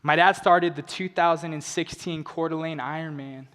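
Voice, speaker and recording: A young man giving an inspirational stage talk. He tells a personal story earnestly, dropping to hushed emotional lows and rising to urgent appeals. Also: steady tone, moderate pace. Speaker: motivational speaker. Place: large event hall on stage. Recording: long reverb of a large hall.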